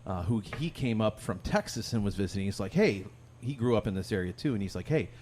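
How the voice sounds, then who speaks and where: A man, a podcast co-host and songwriter, telling a long story in relaxed chat, laughing often. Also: fairly low pitch, fast talker, a little hiss or hum. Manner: rambling, animated storyteller who laughs often.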